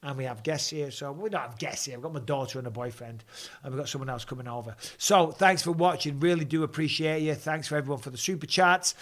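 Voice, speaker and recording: A man's voice: on the high side, fast, a bit bright. A man hosting a live stream from home, chatting casually in a blunt, jokey way.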